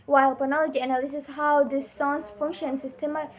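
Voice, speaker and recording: High-voiced young Indonesian woman student. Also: flat delivery. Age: young adult. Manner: careful, slightly halting reading with pauses. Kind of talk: reading a prepared class answer.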